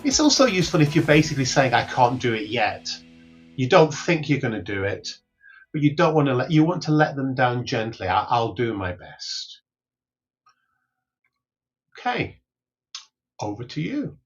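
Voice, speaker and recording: A man teaching workplace English, explaining each phrase clearly and repeating the examples slowly. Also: mid-range voice, big pitch swings, soft background music. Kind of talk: recorded English lesson.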